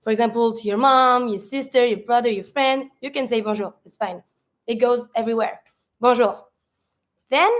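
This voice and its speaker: A woman, a native French speaker, teaching French greetings in a chatty way, asking herself questions and answering them. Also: on the high side. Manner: sprinkles fillers like "like".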